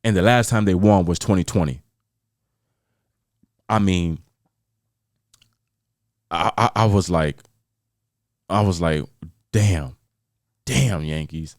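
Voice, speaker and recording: A man's voice: deep voice, slow, long pauses, no echo. Man, podcast host, from New York, casual sports rant, repeats himself, dry close sound. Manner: animated sports venting, rambling with repeats and restarts. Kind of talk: casual solo podcast chat.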